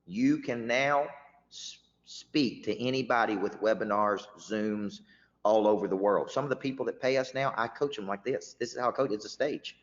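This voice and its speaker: A man's voice: fairly low pitch, moderate pace. A man hosting a motivational webinar as a business coach, emphatic and often restarting his words. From Tennessee. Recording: muffled webinar audio with long reverb.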